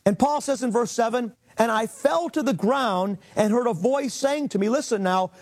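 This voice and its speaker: Guy preaching a bible teaching, pretty high voice, earnest and emphatic. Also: normal speed, few pauses, a little mellow. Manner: earnest, emphatic preaching, reads scripture aloud. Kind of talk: sermon.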